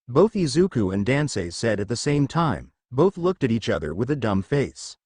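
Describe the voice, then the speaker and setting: A man's voice: medium pitch, big pitch swings, normal speed, a little mellow, breathy edge, no echo. A man narrating a fan fiction story in a plain storytelling manner.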